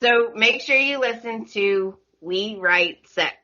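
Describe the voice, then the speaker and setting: Bright-voiced woman host. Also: fairly high pitch, slow pace. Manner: chatty, laughs often. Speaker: podcast host. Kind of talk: casual podcast chat. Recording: dull lo-fi sound.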